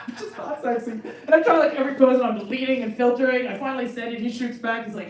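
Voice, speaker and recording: A woman in her forties works through a stand-up set, her pitch swinging widely as she acts out bits. She sounds roomy and a little far off, as if caught from across a club. A loud audience laughs and reacts behind her. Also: fast talker, crowd noise. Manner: animated, acts out bits in high excited voices. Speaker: stand-up comedian. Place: comedy club stage.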